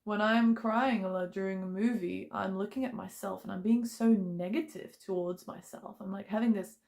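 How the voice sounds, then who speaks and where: A young woman talks straight to her viewers in a loose, chatty way. She uses lots of fillers and speaks openly about her feelings. Her pitch sits in the middle range for a woman. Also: steady tone, normal speed, creaky, darkish tone. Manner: chatty, filler-heavy, emotional and open. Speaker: vlogger. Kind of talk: casual personal talk to camera.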